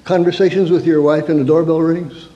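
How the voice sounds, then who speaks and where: A man's voice: fairly high pitch, fairly even intonation, fairly quick, mellow, highs cut off, a little hiss or hum. A man who works as a counselor, giving a humorous sermon-style talk with stories and rhetorical questions. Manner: storytelling, rhetorical questions, mock-angry asides. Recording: reverberant hall.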